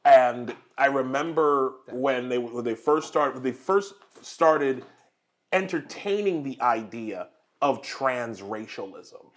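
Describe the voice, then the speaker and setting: A man's voice: mid-range voice, expressive, slow. Rambling, laughing man at a home dinner table. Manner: rambling with many restarts and fillers, laughs often. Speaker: host. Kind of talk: casual political chat over dinner.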